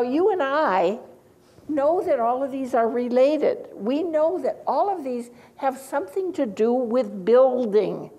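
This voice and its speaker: A woman's voice: a little high, mellow, rough recording. An older woman giving a teacher-training lecture, chatty, with asides and small laughs. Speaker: lecturer on reading instruction.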